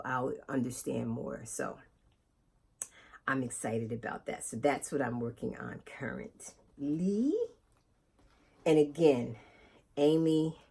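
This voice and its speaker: A woman with a low, gravelly voice and a husky edge chats to her viewers in a knitting vlog. She talks in a lively, direct way, often calling out to her audience. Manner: chatty, animated, talks straight to viewers. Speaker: knitting vlogger. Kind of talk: casual vlog chat to viewers.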